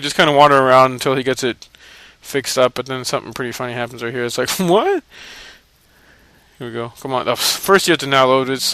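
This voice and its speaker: Bright-voiced man swearing through game commentary. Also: medium pitch, clean tone, no echo. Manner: profane, laughing, mocking the characters. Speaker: video game let's-play commentator. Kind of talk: casual gameplay commentary.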